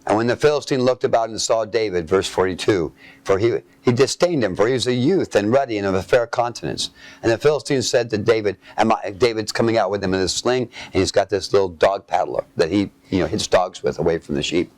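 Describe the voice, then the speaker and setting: A man's voice: on the low side, fast, no room sound. Man, preacher, sermon, scripture reading, fill-in-the-blank questions to listeners. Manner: reads scripture aloud, then comments.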